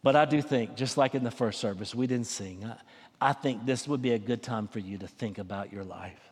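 A pastor with a drawl delivers a folksy, conversational sermon. His voice sits at an ordinary middle pitch for a man, carrying a long reverb tail through the church sanctuary. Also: normal speed, darkish tone, husky.

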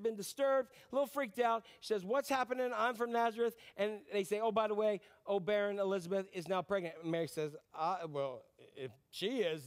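A man preaching a sermon, animated and talking straight to the congregation with questions and acted-out quotes. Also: sits high. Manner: animated, acts out quotes, asks audience questions. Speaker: pastor.

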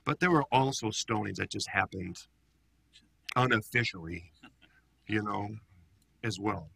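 A male pastor leads a Bible study, animated and conversational, and acts out each quote. His voice is gravelly and bright with a husky edge. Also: lowish voice, a little slow, dry recording.

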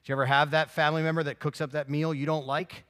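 A man preaching a sermon as pastor, telling stories with lively swings between loud exclamations and quiet, earnest emphasis. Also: fairly high pitch, fast talker.

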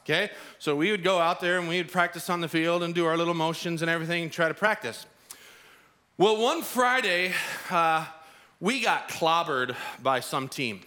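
A man's voice: a little high, pushed and bright. A man preaching a sermon as pastor, telling a personal story with acted-out quotes. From Arizona.

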